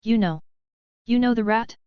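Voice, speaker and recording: A woman voicing a half-mad escaped male prisoner who yells in fury. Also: fairly high pitch, normal speed, smooth, no room sound, muffled recording, natural voice. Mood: furious. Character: wild-eyed escaped male prisoner, furious.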